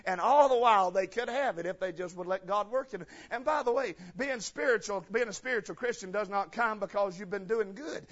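A man preaching a folksy sermon, swinging from shouted passages to low, quiet talk. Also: fairly quick, few pauses, dull audio.

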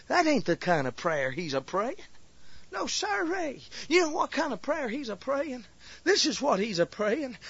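A preacher man with a very high, bright, ringing voice, recorded dry and close with a somewhat dull, muffled sound. He drawls through earnest stretches thick with fillers, then breaks into crying, shouted pleas. The sermon has a revival-meeting fire. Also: big pitch swings, a little slow, husky, no room sound. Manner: builds from low earnest talk to crying shouts, many fillers.

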